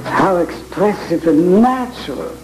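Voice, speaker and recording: A man with a head cold teaching Bible reading to a live audience, speaking with slow, theatrical emphasis. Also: high-pitched, animated, background noise. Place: large hall with audience. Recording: echoey hall with audience ambience.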